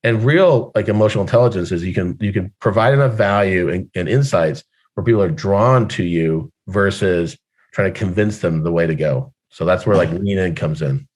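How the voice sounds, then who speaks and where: A man's voice: sits low, normal speed, darkish tone. A man talking as a guest on a video call panel, chatty and filler-heavy as he tells stories. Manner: chatty, filler-heavy storyteller, laughs often. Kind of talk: casual panel chat.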